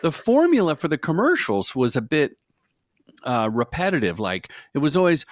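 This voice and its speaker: A middle-aged man telling stories as a guest in an interview, animated, jokey and self-deprecating. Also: a little high, normal speed, no echo, studio quality. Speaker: guest, commercial director. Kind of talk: casual interview storytelling.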